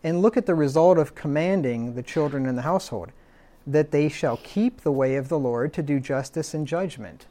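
A man preaching a verse-by-verse sermon, working through word definitions in a deliberate way and often asking "right?". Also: on the high side, warm tone. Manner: deliberate, lists synonyms, asks "right?".

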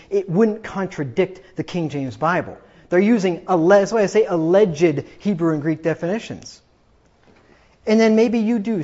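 A man's voice: sits high, darkish tone, dull audio. A man preaching a sermon from the pulpit, emphatic and combative, often repeating himself for force. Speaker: pastor.

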